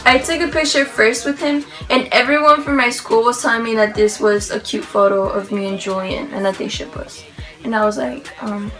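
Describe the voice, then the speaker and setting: A woman vlogs in a gushing, rambling way, piling up "like" and restarts as she tells her story. Her voice is bright and a touch high, and faint music plays behind her. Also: moderate pace, low-quality recording. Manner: excited, rambling, gushing, heavy use of "like". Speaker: vlogger. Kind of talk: casual storytelling to camera.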